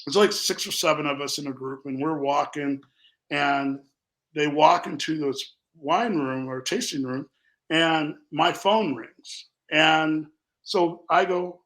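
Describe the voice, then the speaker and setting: Gravelly, bright-voiced storytelling man. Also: on the high side, measured pace, rough recording. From Minnesota. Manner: animated, rambling, acts out quotes. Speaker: company founder. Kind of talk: storytelling in casual interview.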